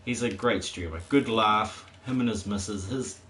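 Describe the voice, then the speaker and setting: A man's voice: fairly low pitch, moderate pace, fairly bright tone, slight background noise. A man chatting casually on a live stream while he plays, rambling, chuckling often and swearing at the game.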